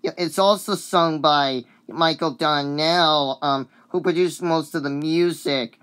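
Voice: medium pitch, a little slow, fairly bright tone, clear, resonant tone. A sick, coughing video uploader chatting casually about a cartoon song, rambling and hesitant with many fillers and apologies.

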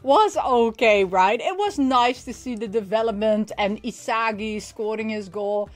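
A woman hosting a casual anime recap and toy unboxing, excitable and often laughing as she acts out lines. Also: on the high side, a little slow, faint music behind.

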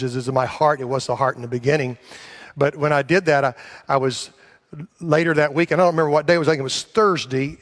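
A man preaching a sermon to his church, rambling and self-deprecating, then rising to emphatic calls for a response. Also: medium pitch. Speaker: pastor. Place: church sanctuary.

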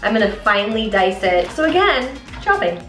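A woman's voice: medium pitch, big pitch swings, moderate pace, a bit bright. A woman hosting a casual cooking video in her home kitchen, chatty and playful with jokey asides. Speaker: cooking vlogger. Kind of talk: casual cooking demo chat. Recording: roomy echo, mic at a distance, faint music.

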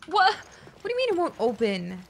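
A woman's very high-pitched, creaky voice swoops wildly in pitch at a moderate pace, with slight background noise. Losing her voice, she streams a video game and chats casually with her viewers, laughing often, swearing, and talking to chat.

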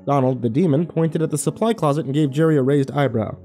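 A man narrating a first-person horror story in a wry, expressive way. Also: on the high side, quick pace, few pauses, soft background music.

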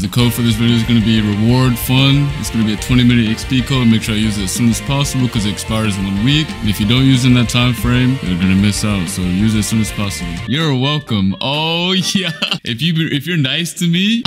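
A young man talks through his gameplay in an easy, teasing way, full of slang and quick laughs. His voice sits at an ordinary mid pitch, and soft music plays behind him. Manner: playful teasing banter with slang, frequent laughs. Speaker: gaming video creator. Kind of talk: casual gameplay commentary. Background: faint background music.

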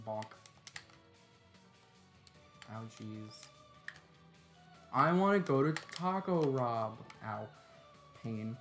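A man's voice: medium pitch, expressive, drawn-out words, long pauses, a bit bright, faint music behind. A tired man giving laid-back, joking live-stream commentary while he plays a game, swearing and chuckling often.

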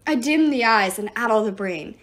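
A woman voicing a withered, very old male god of old age who talks with slow, low menace. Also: animated, a bit bright. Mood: menacing.

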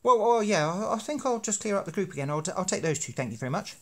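A man's voice: high voice, animated, quick pace, a bit bright, pitched above the performer's own voice. A man voicing a cheery imaginary friend with a vague accent, chirpy and stammering. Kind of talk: silly comic voice.

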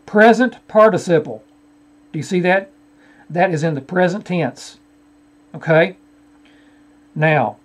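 Guy with a high voice walking thru bible verses on screen, pushy, keeps calling out the other guy. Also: a little mellow. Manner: argumentative, repeatedly addressing an opponent by name. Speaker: Bible teacher. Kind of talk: screen-share Bible study rebuttal.

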